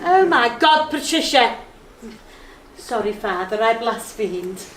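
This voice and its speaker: Actress as a scandalised Liverpool mother, high voice, far off on a roomy stage. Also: animated, slow, a bit bright, slight background noise. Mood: flustered. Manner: flustered, scandalised. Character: fretful respectable Liverpool mother. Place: theatre stage. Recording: roomy stage sound from far off, faint ambience.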